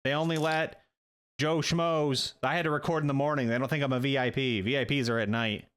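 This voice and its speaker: A man voicing a dim, boastful male musician who hires the crew, talking loud and brash. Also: medium pitch, steady tone, fairly quick, clear, resonant tone, lightly acted. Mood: complaining.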